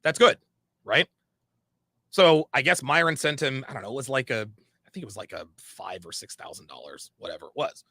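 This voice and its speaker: A man's voice: mid-range voice, animated, a little fast, creaky, pushed and bright, slightly rough, dry recording, clean studio sound. A man telling a story about a past dispute, emphatic and full of repeated phrases and restarts. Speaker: podcast guest recounting a story. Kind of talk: animated storytelling.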